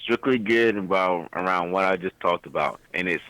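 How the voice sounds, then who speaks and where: A man's voice: deep voice, moderate pace, a bit bright, no echo, low-quality recording. A man who wrestles for a living, guesting on a casual podcast and speaking earnestly about his kids, often repeating phrases as he builds a point.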